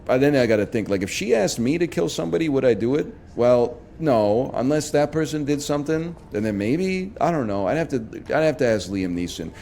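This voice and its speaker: A man chatting casually on a stream, telling long rambling stories in a lively, joking way. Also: mid-range voice, a little fast, gravelly, few pauses, slight background noise. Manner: rambling, animated, jokey storyteller. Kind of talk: casual storytelling chat.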